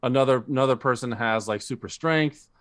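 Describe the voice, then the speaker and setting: A man's voice: mid-range voice, brisk, a bit bright, no room sound, clean studio sound. A man co-hosting a podcast, chatting casually about movies and rambling with lots of fillers and restarts. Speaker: podcast co-host. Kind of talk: casual chat.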